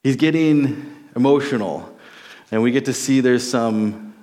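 A man's voice: mid-range voice, unhurried, a little mellow. Enthusiastic conversational Minnesotan man teaching Scripture. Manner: enthusiastic, conversational, with many restarts. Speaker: Bible teacher. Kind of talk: casual sermon teaching.

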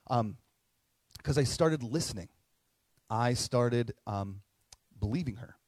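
A middle-aged man preaching a sermon, telling a self-mocking personal story with sudden bursts of loud excitement. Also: medium pitch, slow, dry recording. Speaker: pastor.

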